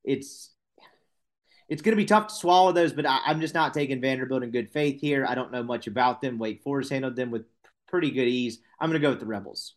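A man's voice: mid-range voice, fairly quick. A man co-hosting a sports podcast, giving college football picks in a casual, joking way with frequent self-corrections. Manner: chatty, self-correcting, tongue-in-cheek. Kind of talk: casual sports betting chat.

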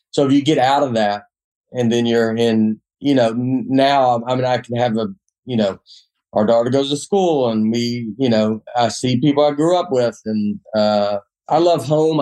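A man's voice: mid-range voice, darkish tone. A man in his forties with a Southern accent, a comedian talking casually on a podcast, rambling with many restarts. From Tennessee. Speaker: comedian guest.

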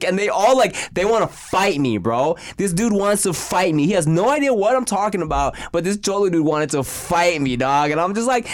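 A young man co-hosting a podcast, telling stories casually and loudly acting out the voices he quotes. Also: sits high, big pitch swings, normal speed. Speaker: podcast co-host. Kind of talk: casual storytelling.

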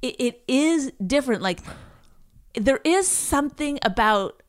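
Expressive and high-pitched, this female stand-up comic who co-hosts a podcast speaks at a measured pace in casual chat. Her rambling story keeps restarting and is filled with quoted voices.

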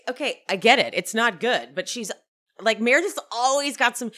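Chatty gossipy woman host, super bright and bouncy voice, laughs a lot. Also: a little high, normal speed. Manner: gossipy, animated, laughing storyteller. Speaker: podcast host. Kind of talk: casual recap chat.

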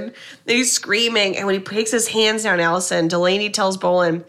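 A woman with a mid-range voice, speaking at a moderate pace, co-hosts a podcast and recaps a film in casual chat. Her retelling is lively; she acts out the characters' lines and swears casually.

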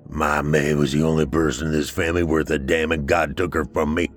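A man's voice: very deep voice, level tone, fairly quick, soft background music, voice pushed down. A man voicing a bitter, hateful old grandfather in a horror story.

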